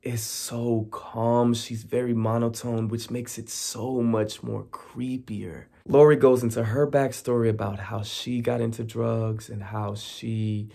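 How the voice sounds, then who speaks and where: Male vlogger, mid-pitch, gravelly edge, animated recap delivery with quick character asides. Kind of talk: casual TV recap.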